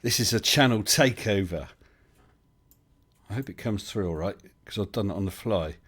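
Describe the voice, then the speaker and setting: A man's voice: on the low side, lively intonation, normal speed, a bit bright, slightly rough. Chatty man hosting a live stream. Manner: rambling and chatty, with many fillers and restarts. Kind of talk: casual live chat reading viewer comments.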